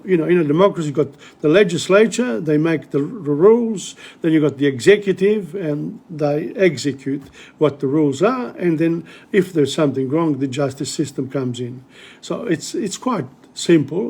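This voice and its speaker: A man hosting a live-streamed literature lesson, speaking casually, often pausing mid-sentence to search for words. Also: on the high side, vocal fry, darkish tone, breathy edge. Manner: switches between English and Italian.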